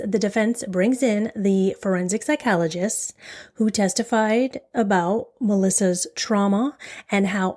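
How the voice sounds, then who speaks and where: A woman hosting a true crime podcast, narrating a case in a dramatic way, dropping into whispers and slowing down on key phrases. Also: mid-range voice, darkish tone. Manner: dramatic, drops to a whisper for emphasis; slows right down on key phrases.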